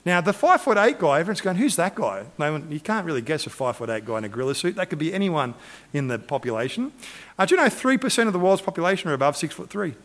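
A man preaching a sermon, retelling a Bible story in an animated, storytelling way and acting out the quotes. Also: on the high side, racing. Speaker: pastor.

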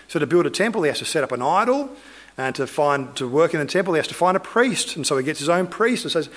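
A man's voice: high voice, animated, fairly quick, fairly bright tone. A man preaching, retelling a Bible story in a loose, conversational way with asides to his listeners.

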